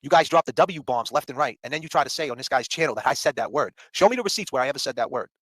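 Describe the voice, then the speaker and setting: A man's voice: medium pitch, lively intonation, rapid-fire, fairly bright tone, no echo. A man co-hosting a livestream, ranting in a combative, mocking way and swearing freely. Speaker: podcast co-host. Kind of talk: heated livestream rant.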